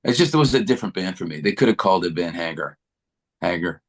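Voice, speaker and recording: A middle-aged man from Canada, a guitarist being interviewed, chatting in a relaxed, rambling way with many restarts. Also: low voice, fast talker. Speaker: guitarist guest. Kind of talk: casual interview chat.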